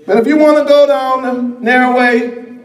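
A man preaching a sermon in a dramatic way, shouting at times and mocking the voices of others. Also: extremely high pitch, fairly even intonation, moderate pace, reverberant.

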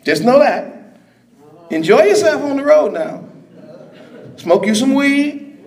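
A man preaches with a very high voice and a slow, deliberate pace. He swings between dramatic shouts and mocking asides. The echo of a large room hangs on every word. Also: very animated. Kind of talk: sermon.

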